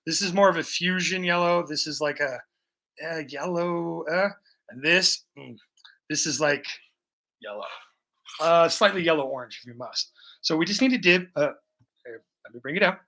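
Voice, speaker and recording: Joking, profane man, bright voice. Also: a little high, rough recording. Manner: joking, profane, rambling, bursts into song. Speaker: live-streaming painter. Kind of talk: casual livestream chat while painting. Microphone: laptop mic.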